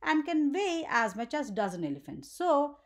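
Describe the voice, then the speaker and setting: A woman's voice: high-pitched, sing-song, normal speed. A woman teaching a grammar lesson for children, often checking in with "right?" and asking the viewer questions.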